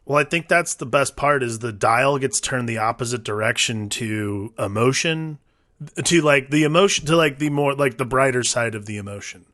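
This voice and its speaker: A man's voice: mid-range voice, moderate pace, sharp tone, dry recording, clean studio sound. A man in his thirties co-hosting a casual film podcast, rambling with many fillers as he talks. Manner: rambling, lots of filler "like", restarts. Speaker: podcast co-host.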